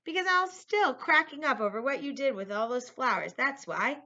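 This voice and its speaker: Bold, friendly schoolgirl, read by a woman, bright, lo-fi. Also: high voice, expressive, moderate pace, pitched above the performer's own voice, heavily acted. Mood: teasing. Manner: bold, teasing. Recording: lo-fi recording.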